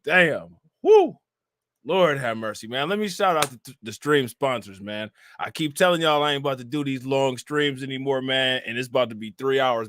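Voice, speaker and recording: A man's voice: medium pitch, a bit bright, no echo, studio quality. A man hosting a casual reaction livestream, talking in a loose, slangy way and breaking into laughter. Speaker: livestream host.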